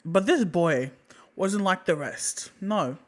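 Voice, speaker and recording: A man narrating an improvised fan story in a casual, halting way, often repeating his phrases. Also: sits high, lively intonation, low-quality recording.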